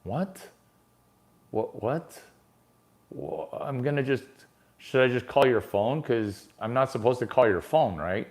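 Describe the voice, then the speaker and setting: A man doing a rambling stand-up monologue, brash and profane, swinging from mutters to shouts. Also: mid-range voice, animated, takes it slowly, long pauses. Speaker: comedian.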